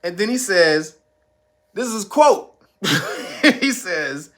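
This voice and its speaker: A man hosting his own channel, telling a story in casual, slangy commentary, animated and chuckling often. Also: high voice, slow. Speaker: channel host.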